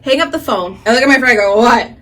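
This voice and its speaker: A young woman chats straight to the camera while she does her makeup, telling stories in a loose, animated way. She swears freely, laughs often and sounds jittery on caffeine. Her voice sits a touch high for a woman. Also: very fast. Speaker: beauty vlogger. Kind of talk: chatty get-ready-with-me storytelling.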